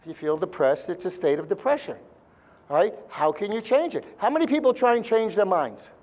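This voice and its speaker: High-voiced man joking to a seminar crowd. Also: lively intonation, a little fast, a little mellow. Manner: blunt, joking, peppered with mild swearing. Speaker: speaker at a chiropractic seminar. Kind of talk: live seminar talk to an audience.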